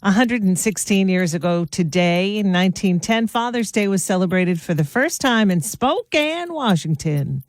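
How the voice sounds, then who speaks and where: A woman's voice: mid-range voice, animated, moderate pace, hardly any pauses, no room sound, studio quality. A woman hosting a morning radio show, chatty and laughing at her own jokes. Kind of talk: upbeat radio show chat. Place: radio studio. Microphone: studio mic.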